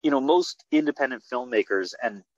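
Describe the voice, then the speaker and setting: A male filmmaker talking casually in an interview over a video call, rambling excitedly with many restarts and fillers. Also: medium pitch, fairly quick, creaky, no room sound. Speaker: filmmaker guest. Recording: dull lo-fi video call audio.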